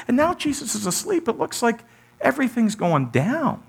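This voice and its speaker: Animated preacher, man. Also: moderate pace, creaky, slightly rough. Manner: animated, rhetorical questions to the congregation, big pitch swings. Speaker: pastor. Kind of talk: sermon.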